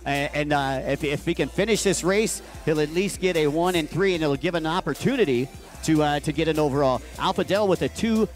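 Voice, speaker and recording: Male announcer calling a water race, homespun, fairly high voice, faint music underneath. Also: fairly quick. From Ohio. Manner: folksy, filler-heavy, excited on race action. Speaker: race commentator. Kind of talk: live sports commentary.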